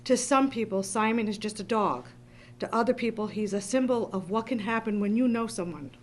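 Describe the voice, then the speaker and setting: A woman's voice: on the high side, brisk, a little hiss or hum. A woman making an earnest public comment at a town board meeting, reading a prepared statement. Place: town hall meeting room.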